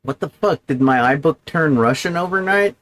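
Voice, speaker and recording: A man's voice: a little high, animated, moderate pace, a bit bright, poor audio. A man hosting a livestream, talking alone in a meandering, profane monologue full of digressions. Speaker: livestream host. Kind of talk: rambling solo livestream monologue.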